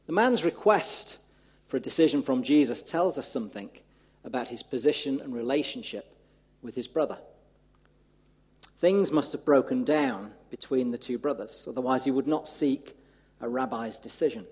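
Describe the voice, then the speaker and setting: A male minister with a Merseyside twang delivers a sermon in a church. His voice is husky and slightly breathy, sitting at an ordinary mid pitch, and his delivery is relaxed and conversational. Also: normal speed. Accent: northwest English, Merseyside. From northwest England, near Liverpool.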